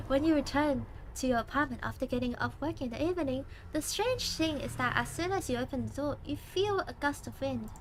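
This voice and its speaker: A woman streamer playing a horror dating game, reading its text aloud with animated, dramatic reactions. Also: high voice, fairly quick, hardly any pauses, slight background noise.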